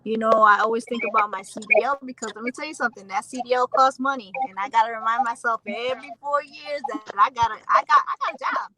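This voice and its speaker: A middle-aged woman guest in a casual podcast chat, speaking candidly and trailing off softly. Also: a little high, fast, hardly any pauses, rough recording.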